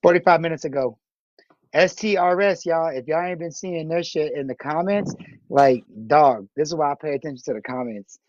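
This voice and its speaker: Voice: medium pitch, moderate pace, darkish tone, dry recording, highs cut off. A slangy, laid-back speaker in a casual group chat.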